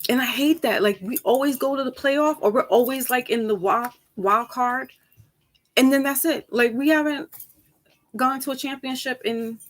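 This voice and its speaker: A woman tarot reader chatting casually with her viewers, rambling from topic to topic, laughing easily and jumping up high for emphasis. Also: moderate pace. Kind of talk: casual chat with viewers before a reading.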